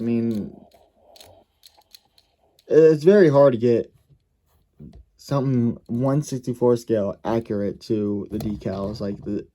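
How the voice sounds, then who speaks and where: A man's voice: medium pitch, warm tone. A man casually reviewing a model race car, thinking aloud and correcting himself as he goes.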